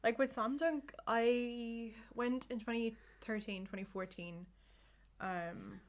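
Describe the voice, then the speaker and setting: A woman's voice: fairly high pitch, fairly even intonation, takes it slowly. A woman co-hosting a podcast, chatting casually and rambling with many "like"s and "um"s. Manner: rambling, full of "like" and "um". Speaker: podcast co-host. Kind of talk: casual chat.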